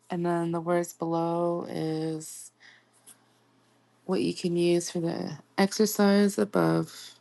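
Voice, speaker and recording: Woman, language lesson, slow deliberate reading, low even voice, dry close sound. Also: vocal fry, no echo. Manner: slow and deliberate, spelling out word forms. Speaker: language teacher.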